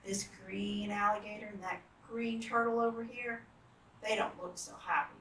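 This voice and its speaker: A woman reading picture books aloud to children, animated and full of gasps and exclamations. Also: mid-range voice, moderate pace, roomy sound, recorded from a distance, slight background noise, rough recording. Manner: animated, gasping, exclaiming to young listeners. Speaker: children's storytime reader.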